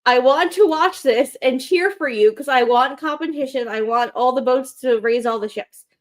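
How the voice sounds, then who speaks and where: A woman co-hosting a wrestling call-in show, ranting in an animated, frustrated way. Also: high-pitched, normal speed. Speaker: co-host. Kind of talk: casual chat.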